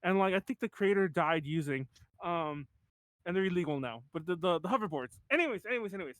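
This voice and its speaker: A man's voice: sits high, animated, fast talker, fairly bright tone, no echo. A man hosting a podcast in casual chat, rambling with many fillers and restarts. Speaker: podcast host.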